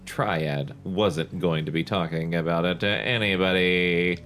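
A man co-hosting a podcast, reading a novel aloud in a steady, wry way. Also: sits low, measured pace, soft background music. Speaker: podcast co-host and reader.

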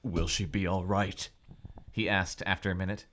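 A man's voice: deep voice, little pitch movement, moderate pace, fairly bright tone. A man reading a book aloud as a podcast co-host, with mock-dramatic emotion and teasing asides. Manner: reads with mock-dramatic over-the-top emotion and laughing interjections.

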